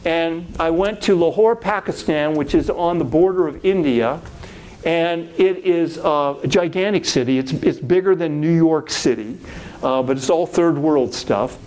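The speaker is a middle-aged pastor whose voice is on the high side and whose pace is unhurried. He tells a personal story of faith in a lively manner, imitating the voices he quotes.

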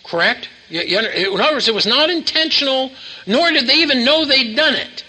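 A man delivers a sermon to a congregation in a room, his voice pitched high with a husky edge and a very bright, forward tone. He pulls the listeners in with questions and has them repeat short lines back to him. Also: animated, fairly quick, rough recording. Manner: preaches with call-and-response, asking the congregation to repeat. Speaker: preacher.

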